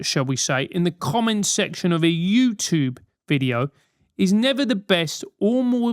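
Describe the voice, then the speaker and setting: High-voiced London man, blunt banter. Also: dry recording, clean studio sound. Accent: London English. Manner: blunt, sweary, mock-outraged banter. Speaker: podcast host answering listener letters. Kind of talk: comedic advice monologue.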